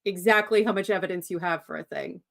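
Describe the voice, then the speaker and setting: A woman's voice: on the low side, quick pace, gravelly, fairly bright tone. A woman in a casual discussion, thoughtfully summing up points and reflecting on them. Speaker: co-host in discussion.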